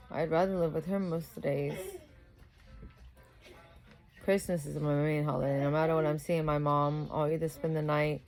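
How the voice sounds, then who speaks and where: Ranting sleep-deprived young woman. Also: sits low. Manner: profane, ranting, grows louder and heated. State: sleep-deprived new mother. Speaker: vlogger. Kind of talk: casual venting monologue.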